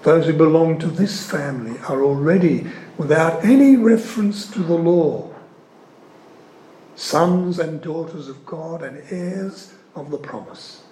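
A man giving an earnest, emphatic sermon-style teaching on scripture. He leans hard on key words and pauses often. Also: a little high, animated, dark tone, a little hiss or hum. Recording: echoey room.

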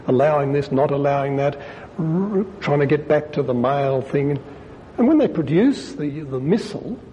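A man, a priest giving a conversational sermon with wry asides, reading quotations aloud and rising in pitch for emphasis. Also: dark tone, dull audio. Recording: long hall reverb, faint low rumble.

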